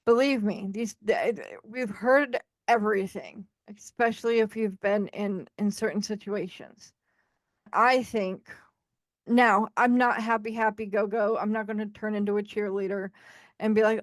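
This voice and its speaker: A woman's voice: mid-range voice, measured pace, dry recording, studio quality. A woman co-hosting a podcast, talking candidly and animatedly about her own experiences, often acting out what other people say. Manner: frank and animated, acting out quoted voices. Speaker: podcast co-host. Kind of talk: candid conversational storytelling.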